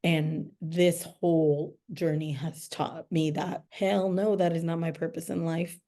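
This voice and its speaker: A woman's voice: low voice, level tone, a little slow, mellow. A young adult woman hosting a podcast, speaking earnestly in casual conversation and repeating herself for emphasis. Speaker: podcast host.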